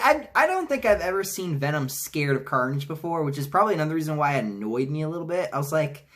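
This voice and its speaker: A man giving a casual trailer reaction, rambling with many restarts and some swearing, and mocking lines in high-pitched voices. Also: lively intonation, fast talker, hardly any pauses, fairly bright tone. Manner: rambling, frequent restarts and profanity. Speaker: movie reviewer.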